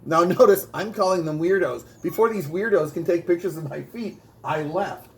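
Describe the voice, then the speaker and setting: A man running through a stand-up routine, hitting each joke with a punchy catchphrase. His voice sits a little higher than most men's. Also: normal speed, creaky, low-quality recording. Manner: punchy delivery, repeats a catchphrase; bilingual. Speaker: stand-up comedian. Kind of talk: rehearsing a stand-up bit.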